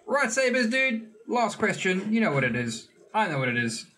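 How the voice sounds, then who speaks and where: A man hosts a casual podcast with a friendly, upbeat manner. His voice sits somewhat high for a man, and faint noise runs under it. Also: big pitch swings, normal speed, pushed and bright. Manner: upbeat, friendly, says "dude" a lot. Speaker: podcast host.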